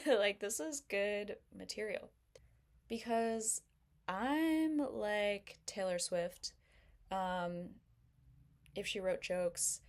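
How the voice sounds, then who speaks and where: A young woman doing a self-deprecating stand-up comedy set, chatty and full of fillers. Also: mid-range voice. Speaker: stand-up comic.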